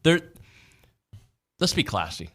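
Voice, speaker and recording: A man hosting a sports radio show, bantering and joking in a quick, animated way. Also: mid-range voice, husky. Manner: fast, joking, animated delivery. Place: radio studio.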